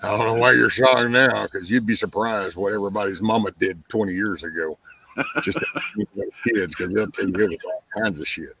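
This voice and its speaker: A man's voice: fairly low pitch, normal speed, sharp tone, breathy edge, low-quality recording. A man chatting casually as host, telling stories, mimicking other people's voices and swearing freely. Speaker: podcast host. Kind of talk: casual chat.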